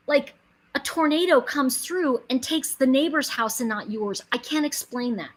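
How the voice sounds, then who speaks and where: A middle-aged woman giving an animated inspirational talk to her viewers, telling stories, acting out quotes and building to emphatic pleas. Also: high voice, normal speed, low-quality recording. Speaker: spiritual speaker and host.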